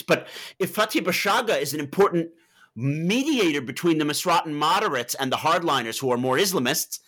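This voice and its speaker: A man who wrote a book on Libya, answering interview questions and telling stories to explain his points. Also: on the high side. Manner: animated storytelling with vivid asides. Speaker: author and Libya analyst.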